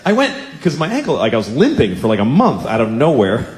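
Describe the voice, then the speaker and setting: Sardonic man doing stand-up, lively pitch. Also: a little fast. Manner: sardonic storytelling, rising to incredulous outbursts. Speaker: stand-up comedian. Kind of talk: stand-up set. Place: large theater stage. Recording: live stage recording, roomy and noisy.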